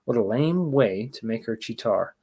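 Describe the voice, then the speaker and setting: A man's voice: medium pitch, animated, moderate pace, mellow, breathy edge. A man giving a casual livestream movie review and answering chat, rambling and exasperated, blunt and profane, with many restarts and rhetorical questions.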